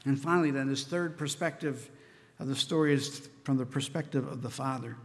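A man's voice: medium pitch, fairly quick, in a large hall. A man preaching a sermon in an earnest, conversational way, often asking "right?" of his listeners. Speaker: pastor.

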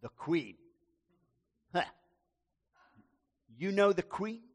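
A man's voice: high-pitched, lively intonation, very slow, gravelly, in a large hall, full character voice. A man playing a huge, menacing Russian barman who talks in clipped broken-English questions. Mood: gruff.

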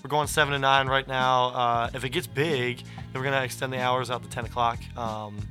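A man's voice: mid-range voice, little pitch movement, a little fast, music in the background. A man appearing as a guest musician on a radio show, casually rambling through his upcoming gigs. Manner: chatty, rambling promo with restarts. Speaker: guest musician and event organizer. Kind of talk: casual chat.

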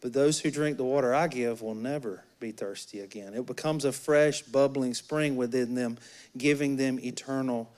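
A man reading the lines of a calm, patient male rabbi teaching a woman at a well, in a measured way. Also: mid-range voice, voice pushed down, natural voice.

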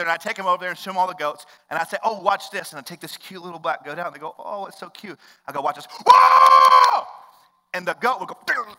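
A young adult man preaching a sermon as pastor, conversational, jumping from loud bursts to hushed low lines. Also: in a large hall, poor audio.

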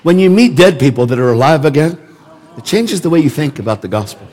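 A man's voice: on the high side, animated, fairly quick, darkish tone, a faint crowd. A man preaching a sermon in an emphatic, conversational way, repeating words for emphasis. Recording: long reverb of a large hall.

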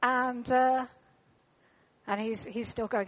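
A woman's voice: a little high, fairly even intonation, slow, a little hiss or hum. A woman, telling a story in a sermon in a chatty way, with fillers and repeated words. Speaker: preacher.

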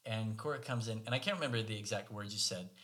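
A man's voice: lowish voice, fast talker, fairly bright tone. A man co-hosting a conversation, telling a story about himself in a casual, self-deprecating, wry way. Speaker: podcast co-host.

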